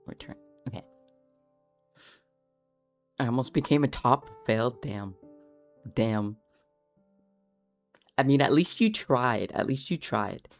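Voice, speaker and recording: This game streamer from Canada speaks in a creaky mid-range voice, keeping things casual on stream. Giggles come often, along with plenty of muttering to themselves.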